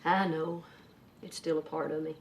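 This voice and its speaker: A woman's voice: deep voice, little pitch movement, normal speed, a little hiss or hum. An actress playing a middle-aged wife and mother who dreams of going to college, speaking with a twangy accent. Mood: wistful. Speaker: film character in clips. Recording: film audio with soft music.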